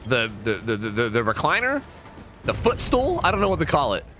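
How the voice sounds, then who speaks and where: A young man giving casual, jokey commentary while streaming a horror game, chatting and breaking into sudden high exclamations. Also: very animated, quick pace, bright, forceful tone, slight background noise.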